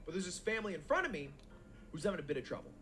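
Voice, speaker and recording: A man telling a long anecdote in casual chat, animated and laughing as he goes. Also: high voice, rapid-fire, soft background music. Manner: animated, laughing, with quoted voices. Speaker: podcast co-host.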